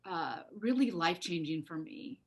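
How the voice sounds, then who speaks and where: A woman's voice: fairly low pitch, animated, moderate pace, a little mellow. A woman moderating an online gathering, thoughtful and searching for words as she asks questions. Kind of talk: casual moderating on a video call.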